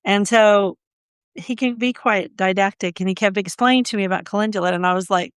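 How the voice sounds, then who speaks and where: A woman's voice: medium pitch, fairly quick, clear, resonant tone, dry recording, clean studio sound. A woman co-hosting a gardening podcast, chatting casually and telling stories with frequent laughs. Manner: chatty, storytelling, laughs often. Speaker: podcast co-host.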